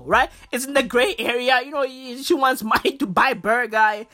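Vlogger, casual profane rant, repetitive and stammering, mid-pitched, light music bed. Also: fairly even intonation, moderate pace, few pauses, sharp tone. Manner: heated, repetitive, stammering restarts, heavy slang and swearing.

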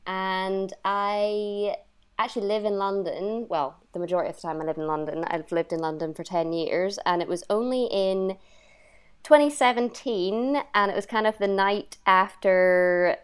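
A young woman from Northern Ireland who lives in London chats as a guest in a casual interview. Her medium-pitched voice has fairly even intonation, normal speed, and a clean tone, and she laughs often while acting out things she once said.

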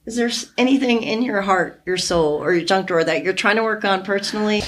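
A woman hosting a podcast, talking with a close friend in an emotional, heartfelt way, teary and halting at times. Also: medium pitch, a bit bright, slight background noise. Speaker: podcast host. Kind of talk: emotional casual chat.

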